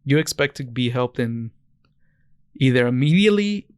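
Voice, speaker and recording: A young man co-hosting a casual podcast, telling stories in a smooth, clear voice. He rambles and corrects himself as he goes, and the dry sound keeps him close to the mic. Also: medium pitch, lively intonation, normal speed, dry recording. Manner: rambling, many restarts and self-corrections. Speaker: podcast co-host. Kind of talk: casual chat.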